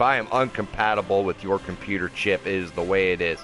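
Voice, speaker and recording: A man's voice: low voice, brisk, a bit bright, soft background music. A young man ranting in an angry, profane monologue, heated and preachy, in a car. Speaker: vlogger. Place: in a car at a drive-through.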